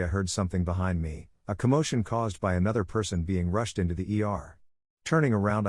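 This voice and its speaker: Guy w a lowish voice reading stories out loud, steady and even, super dry close mic. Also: no echo. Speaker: narrator of online stories. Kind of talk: read-aloud story narration.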